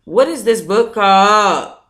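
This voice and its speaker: A woman hosting an online book club, chatting casually and breaking into dramatic, excitable outbursts while talking to herself. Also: mid-range voice, takes it slowly. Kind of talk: casual livestream chat.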